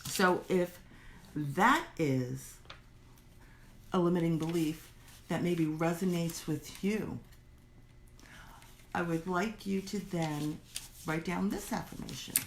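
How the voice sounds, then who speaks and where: A woman teaching a workshop in a chatty, animated way, acting out the worried inner voices of her listeners. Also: lowish voice, slow, pauses often, a little hiss or hum. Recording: roomy echo.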